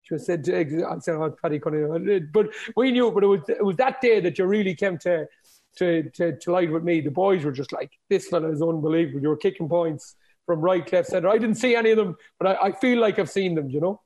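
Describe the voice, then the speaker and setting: A man's voice: high-pitched, brisk. A man in his forties with an Irish accent, co-hosting a podcast and animatedly acting out the people in his stories. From Ireland. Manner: animated storyteller, acts out quoted speech. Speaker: podcast co-host, former footballer. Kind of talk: casual chat.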